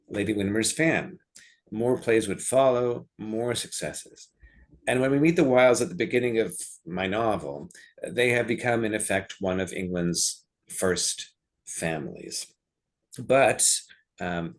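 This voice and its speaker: A man giving a prepared talk to a literary society, measured with wry asides. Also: sits low. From United States.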